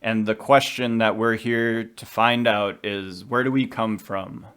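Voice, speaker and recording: A man's voice: fairly low pitch, fairly even intonation, fairly bright tone, clear, resonant tone. A man co-hosting a podcast, chatting casually and with strong opinions about a film. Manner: chatty, opinionated, quick asides. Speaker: podcast co-host.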